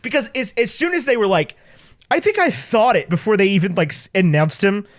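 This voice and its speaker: A man co-hosting a podcast, chatting casually about movies, animated and full of stumbling restarts. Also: high voice, a little fast, dry recording, clean studio sound. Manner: animated, stumbling restarts, quotes people in voices. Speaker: podcast co-host.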